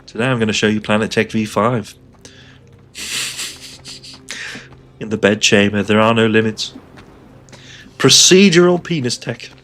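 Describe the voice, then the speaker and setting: Low-voiced joking male streamer. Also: slow pace, long pauses, fairly bright tone, faint music behind. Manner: joking, laughs often, sarcastic asides. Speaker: game streamer. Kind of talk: casual live-stream chat.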